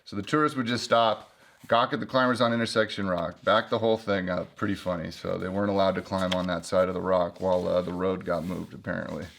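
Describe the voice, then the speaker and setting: A man's voice: low voice, fairly even intonation, fast talker, vocal fry, fairly bright tone, a little hiss or hum. A man hosting a casual book review video, chatting and joking as he flips through an old guidebook.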